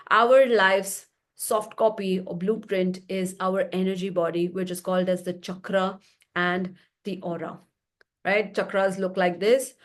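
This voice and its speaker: A woman teaching a live online class, reading chat replies and explaining with rhetorical questions and animated stories. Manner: animated storytelling, rising pitch for emphasis. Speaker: energy healing teacher.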